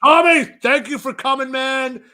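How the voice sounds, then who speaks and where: A man's voice: extremely high pitch, moderate pace, bright, forceful tone. A man chatting on a casual podcast, telling stories in a rambling, profane way. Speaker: guest.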